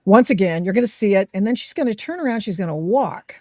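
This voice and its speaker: A woman's voice: medium pitch, fast, no room sound, clean studio sound. A middle-aged woman hosting a podcast, giving opinionated, sarcastic commentary over video clips. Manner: sarcastic, animated, mocking voices she quotes. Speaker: podcast host.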